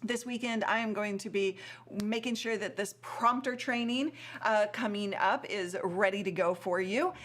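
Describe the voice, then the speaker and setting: A woman's voice: mid-range voice, moderate pace, fairly bright tone. A tired woman hosting a casual live stream, chatty, with frequent laughs and many fillers.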